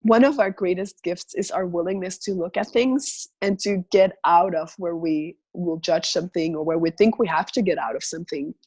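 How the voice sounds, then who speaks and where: A woman's voice: on the low side, moderate pace, few pauses, a little mellow, breathy edge. A woman speaking as a guest facilitator in a conversational video call, reflective and full of questions, acting out inner voices.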